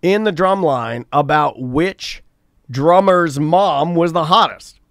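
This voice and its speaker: A man in a casual comedy podcast chat, blunt and profane, talking in quick asides. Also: fairly high pitch, no room sound, studio quality.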